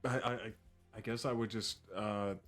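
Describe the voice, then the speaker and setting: A man playing in a tabletop role-playing game, talking in a halting, stammering way. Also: on the low side, fairly even intonation, a bit bright, soft background music. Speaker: guest player.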